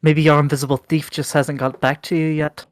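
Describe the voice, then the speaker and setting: A man's voice: a little high, little pitch movement, fairly quick, no room sound, lightly acted. A man voicing a small, stern female duergar leader with a put-on Scottish accent, accusing and interrogating. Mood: suspicious.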